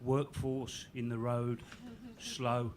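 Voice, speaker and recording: A man's voice: mid-range voice, level tone, extremely slow. A man in his sixties with a Birmingham accent, doing a dry, sweary, self-mocking stand-up set on a comedy club stage. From Birmingham, England. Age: 60s. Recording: live club mic with crowd noise.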